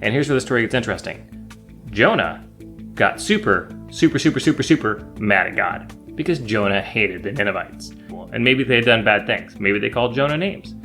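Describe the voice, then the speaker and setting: A man teaching children, telling a Bible story in a playful, animated way with silly asides. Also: lowish voice, moderate pace, faint music behind.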